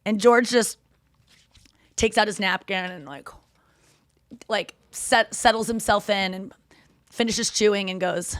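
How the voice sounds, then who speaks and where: A woman's voice: medium pitch, normal speed, dry recording, clean studio sound. A woman in her thirties, a comedian hosting a podcast, chatting casually and mocking people in put-on voices. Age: 30s. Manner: animated, profane, acts out quotes in mocking voices; frequent "like" fillers and restarts. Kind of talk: casual chat.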